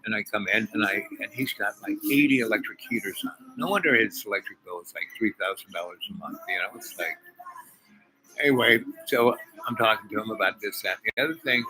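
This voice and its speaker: A man's voice: lowish voice, a little fast, pushed and bright, slight background noise, rough recording. A man vlogging to his viewers, telling a personal story in a rambling way, full of fillers and asides. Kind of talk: casual storytelling vlog.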